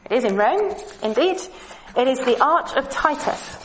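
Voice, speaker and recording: A woman giving a measured, clearly explained Bible lesson, with a few light asides to her audience. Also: high voice, lively intonation, a bit bright, slight background noise, poor audio. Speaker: Bible teacher. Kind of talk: scripted lesson with slides.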